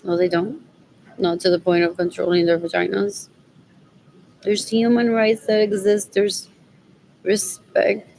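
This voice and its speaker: A woman talking straight to camera in a rambling, agitated way, scornful and quick to insult. Her voice has a gravelly fry to it, and a faint hiss sits underneath. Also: mid-range voice, little pitch movement, darkish tone, poor audio. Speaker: vlogger.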